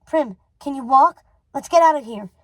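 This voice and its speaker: A woman voicing a desperate young witch daughter who pleads and shouts urgently, reading a storybook aloud. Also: sits high, moderate pace, no room sound, lightly acted.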